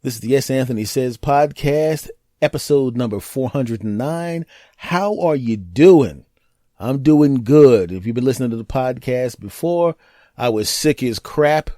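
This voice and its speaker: A man's voice: mid-range voice, expressive, unhurried, warm tone, no echo, clean studio sound. A man hosting his own podcast, talking alone in a rambling, jokey storytelling way with frequent restarts. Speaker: podcast host. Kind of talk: casual solo podcast monologue.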